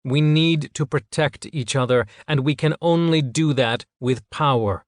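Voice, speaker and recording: Man voicing a cold powerful father, middle-aged, measured, clinical, slightly raised pitch, dry audiobook read. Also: no echo, natural voice.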